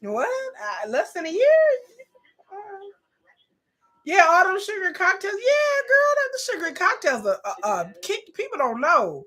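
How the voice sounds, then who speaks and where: A woman hosting a reaction video, talking in a casual, animated and blunt way, often exclaiming and laughing as she comments. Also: very high voice, unhurried.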